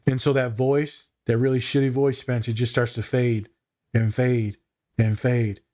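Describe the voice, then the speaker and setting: A man's voice: mid-range voice, a little slow. A man, a therapist, chatting casually on a podcast, telling client stories with lots of swearing and acted-out quotes. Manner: profane, animated storytelling with acted-out quotes.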